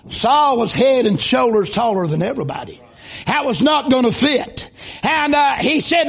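Preacher guy, super high voice, folksy then yelling, muffled lo-fi church recording. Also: expressive, normal speed, breathy edge. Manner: folksy, rising into shouted bursts. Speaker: visiting preacher. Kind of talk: revival sermon. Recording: dull lo-fi recording.

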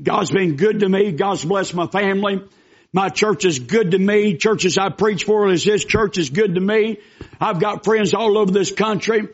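High-voiced preacher, lo-fi sermon recording. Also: male voice, moderate pace. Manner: earnest, storytelling preacher who bursts into emphatic cries. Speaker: pastor.

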